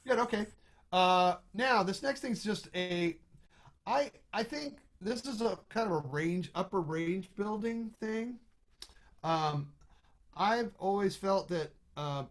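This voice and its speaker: A middle-aged man teaches trombone over a video call in a relaxed, thinking-aloud way. His slightly high voice keeps breaking into sung "da da" rhythms between explanations. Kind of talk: online music lesson.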